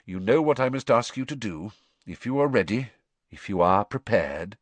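A man voicing a wise old headmaster wizard who speaks in a measured, grave and authoritative way. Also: fairly low pitch, animated, dry recording.

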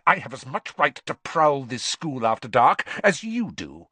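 A man voicing a cold, sneering male potions master who speaks softly and dangerously, with a hiss. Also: mid-range voice, big pitch swings, unhurried, slightly rough, no echo, full character voice. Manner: cold, soft and dangerous, hissing.

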